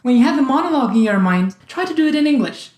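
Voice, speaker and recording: A man hosting a language tutorial, speaking in a clear, deliberate way and acting out examples of word stress. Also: extremely high pitch, expressive, darkish tone. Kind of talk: scripted tutorial narration. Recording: roomy echo.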